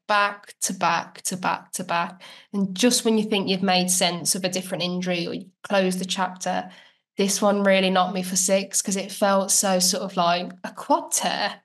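A woman talking about her career as a guest on a casual podcast interview, chatty and reflective and full of "like" fillers. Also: medium pitch. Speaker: guest, professional footballer.

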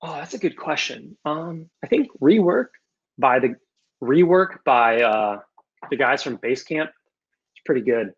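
A young man answering audience questions casually on a video call, loose and animated, with some swearing. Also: mid-range voice, unhurried, breathy edge. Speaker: guest speaker. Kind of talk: casual Q&A on a webinar. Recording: muffled lo-fi video call audio.

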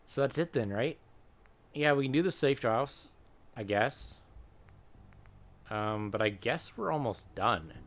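A gaming channel host with a medium-pitched, animated voice offers chatty, wry let's-play commentary on a video game. He speaks slowly, thinking aloud with frequent hesitations and long pauses.

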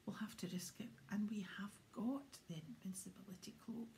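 A woman voicing a determined young schoolboy in a storybook reading, in a low urgent whisper. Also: steady tone, normal speed, creaky, a little mellow, lightly acted.

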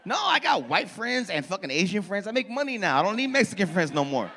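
A man's voice: sits high, big pitch swings, fast, bright, forceful tone, slight background noise. A man doing brash, profane crowd work as a stand-up comedian in a comedy club. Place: comedy club before a laughing audience.

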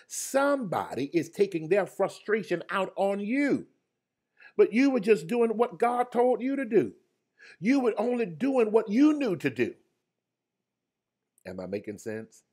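Husky, animated preacher man. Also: medium pitch. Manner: swings from loud cries to hushed murmurs, repeats phrases; calls out to online viewers by name. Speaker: preacher leading a Bible study. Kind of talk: livestreamed sermon.

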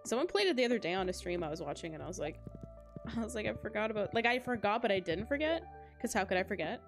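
A woman's voice: medium pitch, animated, fast. Giggly young woman streamer rambling to chat, lots of "like", game music going behind her. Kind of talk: casual live-stream chat while playing.

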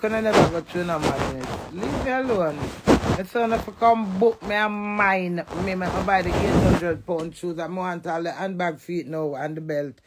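Jamaican woman going off on a rant, loud and cussing, gravelly voice. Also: lowish voice, very noisy. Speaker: vlogger. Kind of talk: ranting monologue to camera.

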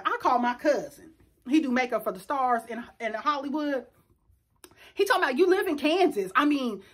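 High-pitched middle-aged woman, animated, telling a wild story to y'all. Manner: animated, dramatic storyteller addressing viewers as y'all. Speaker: vlogger. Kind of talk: casual storytelling chat.

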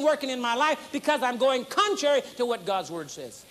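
High-voiced preaching man, playful and emphatic. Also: big pitch swings, a little fast, few pauses, a bit bright. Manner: preaching with humor and acted-out demonstration. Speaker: pastor. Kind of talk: sermon. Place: large conference hall. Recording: faint noise, 1980s conference recording.

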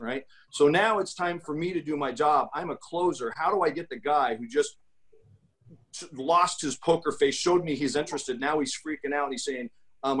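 A man's voice: a little fast, a bit bright, low-quality recording. Emphatic salesman talking shop. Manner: pitches his talk with emphatic, salesy energy. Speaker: guest speaker. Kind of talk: casual podcast talk.

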